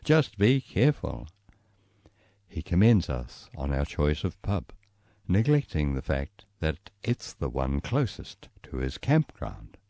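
A man with a New Zealand accent reading his travel memoir aloud, storytelling in a lively way. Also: measured pace, no echo. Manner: lively storytelling, voicing quoted people with raised pitch. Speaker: memoir reader.

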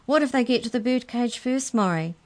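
A woman voicing a breathless, bossy giantess cook who complains loudly in a high voice. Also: lively intonation, a little fast, natural voice. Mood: alarmed.

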